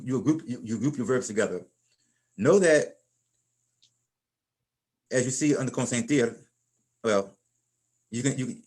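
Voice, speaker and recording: Middle-aged man, Spanish teacher, plain mid-pitched voice, folksy classroom delivery with frequent restarts. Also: a little mellow. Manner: repeats and restarts words, folksy phrasing.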